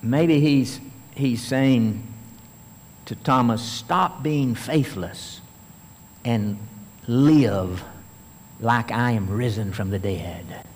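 A man preaching a sermon as a pastor, building to emphatic bursts and then slowing to stress key phrases. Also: medium pitch, darkish tone, big-room sound, slight background noise.

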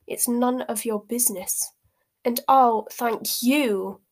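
A woman reading aloud as a sharp, defiant teenage girl with a cool manner. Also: on the high side, steady tone, normal speed. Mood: angry. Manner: cool and cutting.

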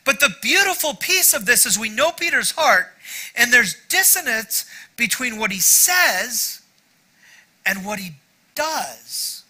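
A man's voice: very high voice, very animated, takes it slowly, sharp tone, low-quality recording. A middle-aged male pastor giving a sermon in a conversational, self-deprecating way, with frequent asides to the congregation.

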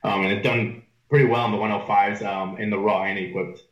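A man's voice: lowish voice, steady tone, a little fast, a bit bright. Coach guest, male, easygoing storyteller, roomy call sound. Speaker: powerlifting coach. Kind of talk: casual storytelling on a podcast.

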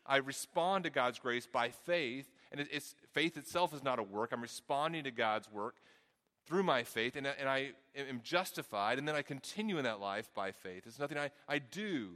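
A middle-aged male pastor with a Southern twang worn down by years in the Midwest. His voice is bright and forceful, and it rings with the long reverb of a large hall. He preaches earnestly and often repeats words as he works through a thought. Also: medium pitch, animated, moderate pace. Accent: Southern US, softened by Midwest. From American South. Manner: earnest, repeats words while thinking aloud. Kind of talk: sermon.

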